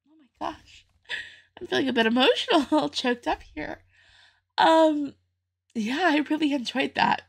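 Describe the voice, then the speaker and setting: A woman's voice: on the high side, gravelly, slightly rough. A young woman hosting a casual music reaction video, chatty and openly emotional, often laughing as she talks.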